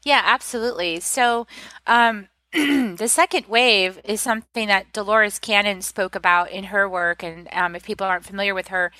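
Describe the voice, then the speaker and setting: A woman's voice: mid-range voice, normal speed, bright, forceful tone, dry recording. A woman guest and author speaking openly and confidingly, with many fillers, as she shares her personal story. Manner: open and confiding, many "like" fillers, acts out quoted voices.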